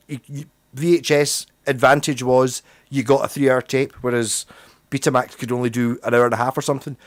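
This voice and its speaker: A man's voice: medium pitch, flat delivery, fairly quick, no echo, studio quality. A middle-aged man, hosting a livestream and chatting loosely with viewers, rambling and swearing freely. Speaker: livestream host. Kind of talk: casual livestream chat.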